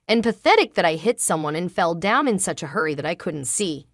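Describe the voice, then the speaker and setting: A woman telling a first-person family drama story in an emotional way, sometimes halting and repeating herself. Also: lowish voice, sing-song, no room sound, studio quality. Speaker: narrator.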